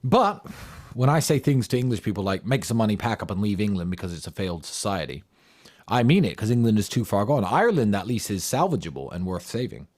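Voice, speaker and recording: A man's voice: lowish voice, very animated, quick pace, darkish tone. A man giving an impassioned, combative monologue in answer to audience questions, firing off rhetorical questions and swearing for emphasis.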